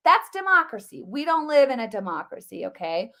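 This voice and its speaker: A woman hosting a live political commentary stream, talking quickly and emphatically. She repeats herself and fills her sentences with "like". Her voice sits a little high. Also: big pitch swings, vocal fry, bright, forceful tone. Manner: rapid, repetitive, emphatic, with many "like" fillers.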